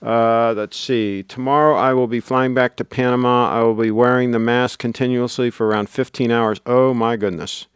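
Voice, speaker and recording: A middle-aged man hosts a casual livestream, reading out viewer comments with frequent chuckles. His voice is smooth and clear, close to the mic in a dry, dead room. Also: mid-range voice, fairly even intonation, moderate pace, hardly any pauses, no echo. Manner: chatty, laughs often, reads viewer comments aloud. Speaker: livestream host.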